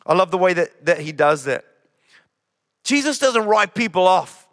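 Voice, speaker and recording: A man preaching a sermon as campus pastor, conversational and animated, acting out the quotes. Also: high-pitched, moderate pace, pauses often. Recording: hall reverb.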